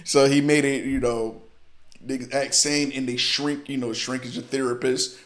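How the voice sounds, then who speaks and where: A man's voice: mid-range voice, level tone, normal speed. Casual man breaking down rap lines. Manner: loose, repeats and restarts, explains each line. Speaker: host reacting to a performance. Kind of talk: casual reaction commentary.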